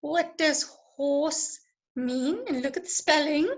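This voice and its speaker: A woman teacher giving an online lesson, encouraging and praising students, her voice going a little hoarse from talking a lot. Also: sits high, slow pace, rough recording. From South Africa. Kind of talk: online lesson with live chat.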